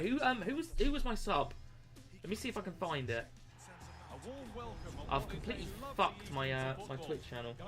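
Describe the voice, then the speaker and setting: A young British man streaming a football game, swearing, self-mocking and excitable. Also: a little high. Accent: British English. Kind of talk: gaming live stream commentary.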